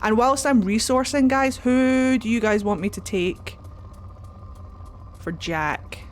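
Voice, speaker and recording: A woman's voice: fairly high pitch, takes it slowly, slight background noise. Chatty Scottish woman streaming games. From Scotland. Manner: chatty, swears freely, jokey. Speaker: game streamer. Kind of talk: casual live-stream commentary.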